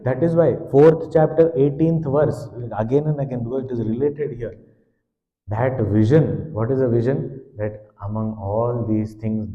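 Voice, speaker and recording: A man giving a spiritual discourse as a swami, explaining scripture with Sanskrit and Hindi terms and animated emphasis. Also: lowish voice. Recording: dull, echoey hall sound.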